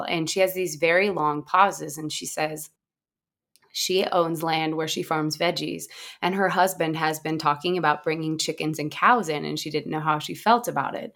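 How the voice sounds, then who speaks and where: A woman's voice: low-pitched, normal speed, vocal fry, a bit bright. A woman guest in a casual interview, talking earnestly and rambling with lots of restarts and fillers. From USA. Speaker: guest, founder of a satirical website.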